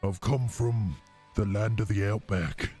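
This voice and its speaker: A man putting on a deep, booming mock-Australian accent for a heroic robot leader, male. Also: steady tone, unhurried, dark tone, faint music behind, lightly acted.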